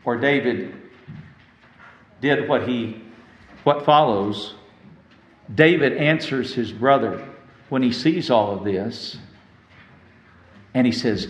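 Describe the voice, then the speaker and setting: A man's voice: medium pitch, expressive, takes it slowly, pauses often. A man preaching a sermon, reading scripture and retelling it with dramatic emphasis. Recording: echoey room.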